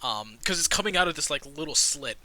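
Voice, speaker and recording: A man's voice: a little high, lively intonation, a little fast, pushed and bright. A man narrating a tabletop game as game master, casual and full of fillers. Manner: casual, filler-heavy narration with frequent laughs.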